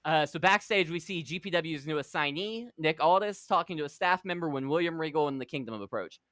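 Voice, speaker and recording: Bright fast-talking podcast host guy, swears, dry close mic. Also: fairly high pitch, dry recording. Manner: quick, defensive, laughing, swears. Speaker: podcast host, storyteller of a fantasy wrestling league. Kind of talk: casual podcast chat and narration.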